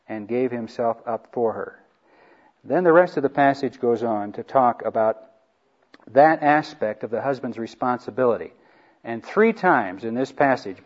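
A man's voice: medium pitch, darkish tone. A man giving an earnest Bible teaching on marriage to a group, stressing key lines by repeating them. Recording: dull lo-fi recording.

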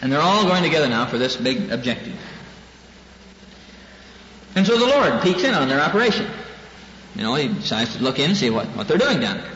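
Lecturing in earnest, preacherly fashion, a male minister repeats his key lines for emphasis to a class. He's very animated and a little fast, with a medium, slightly bright pitch and long pauses; the dull, echoey hall carries faint hiss.

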